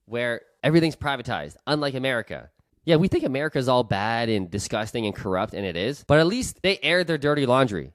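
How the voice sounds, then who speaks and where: Man, vlog host, blunt ranting commentary, lively pitch, dry close sound. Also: dry recording. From Canada. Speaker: real estate investor and channel host.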